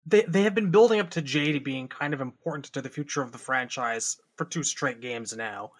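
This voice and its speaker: A man's voice: medium pitch, moderate pace. A man co-hosting a casual gaming podcast, joking and chatting loosely. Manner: jokey, puts on a robotic voice now and then. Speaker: podcast co-host. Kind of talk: casual chat.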